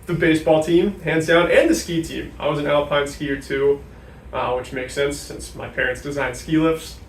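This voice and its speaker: A man's voice: fairly high pitch, steady tone, moderate pace, slight background noise. Young man, from New Hampshire, casual interview guest, filler-heavy, distant mic, echoey room. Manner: chatty, many "like" fillers. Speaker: guest, sports information director.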